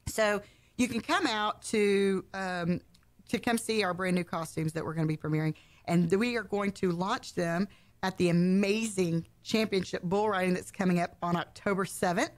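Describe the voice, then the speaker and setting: A woman's voice: mid-range voice, normal speed. A woman guest-hosting a local radio show, chatty and bubbly, joking about herself and laughing often. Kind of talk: casual radio chat.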